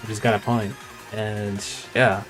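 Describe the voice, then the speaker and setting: A man's voice: lowish voice, little pitch movement, measured pace, fairly bright tone, faint music behind. A man streaming a game who tells a story in a rambling, casual way, full of fillers and repeated phrases.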